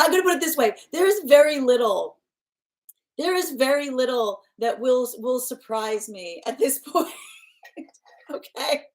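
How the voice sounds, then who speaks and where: A woman's voice: high voice, lively intonation, unhurried, darkish tone. A young adult woman hosting a tarot livestream, chatting casually with viewers and laughing often, with many restarts. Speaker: tarot reader and livestream host.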